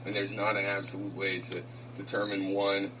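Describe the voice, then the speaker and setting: A low-voiced man makes his case in a measured, explanatory way. He sounds far from the mic, the audio is tinny and phone-like, and a clear hiss runs underneath. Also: level tone. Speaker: debate opponent in a played clip. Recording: distant, tinny, noisy clip.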